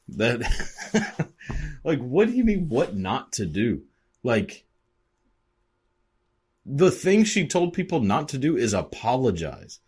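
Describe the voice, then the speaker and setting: A man's voice: lowish voice, a little mellow, slightly rough. A man reacting to videos with an angry, sarcastic, profane rant full of "like" fillers. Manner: angry, sarcastic, swears constantly, many "like" fillers.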